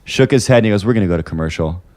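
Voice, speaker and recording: Comic dude telling a story, voice jumps all over, laughs a lot. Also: male voice, deep voice, racing. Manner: lively, laughs often. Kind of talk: casual comedic storytelling.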